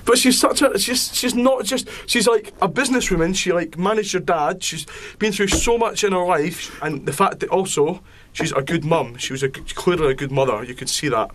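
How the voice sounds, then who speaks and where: A man's voice: high voice, normal speed, hardly any pauses, fairly bright tone, slight background noise. A man, a reality show housemate, chatting casually and gushing in a flustered, giggly way. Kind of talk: casual chat.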